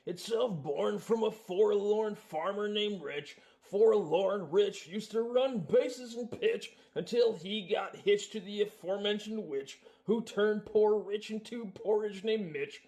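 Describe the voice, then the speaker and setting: A man's voice: high voice, warm tone. A man voicing a confused, dreamy male cartoon bear, singing rhyming verses. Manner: sung rhyming verses, wordplay-heavy. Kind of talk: sung musical number.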